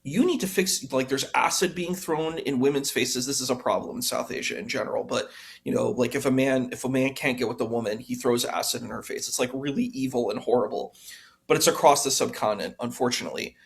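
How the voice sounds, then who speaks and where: A man's voice: mid-range voice, quick pace, gravelly. A man hosting a reaction stream, ranting in a heated voice and firing off rhetorical questions. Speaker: stream host reacting to a debate. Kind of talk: casual reaction commentary.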